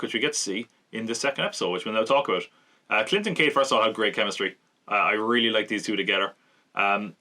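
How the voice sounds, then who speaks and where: A man hosting a podcast, casually recapping and reviewing a TV episode, chatty, laughing often and slipping into quick mock voices. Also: on the low side, sharp tone. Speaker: podcast host.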